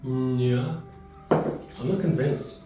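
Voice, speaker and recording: This man tastes chocolate on his vlog, speaking slowly and steadily in a mid-range voice, chatting, rambling, and chewing as he talks. The lo-fi recording comes from a very echoey room with a far-off mic, with soft guitar music in the background.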